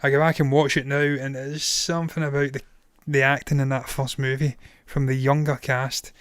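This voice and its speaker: A man's voice: mid-range voice, level tone, normal speed, fairly bright tone, smooth, no echo. A man in his thirties gives blunt, opinionated verdicts and swears without a second thought. His voice sounds tired and strained after a long stream. The sound is close and dry, with no room around it. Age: 30s. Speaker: film reviewer and live-streamer. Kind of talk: casual live-stream chat.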